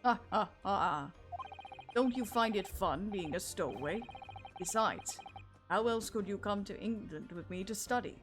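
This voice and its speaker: A woman's voice: mid-range voice, lively intonation, unhurried, over music, close to an everyday voice. A woman voicing a confident, teasing young male student in a game read-through. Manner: teasing, breezy.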